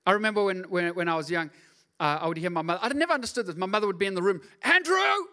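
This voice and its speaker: Animated pastor, bright high voice. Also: male voice, racing, clear, resonant tone. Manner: animated, jokey, acts out voices. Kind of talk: lively sermon with humor.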